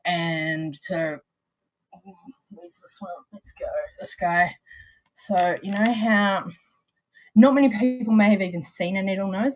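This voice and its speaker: A woman with a New Zealand accent, co-hosting a casual chat and explaining things at length with lots of restarts. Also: sits low. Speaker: vape show co-host.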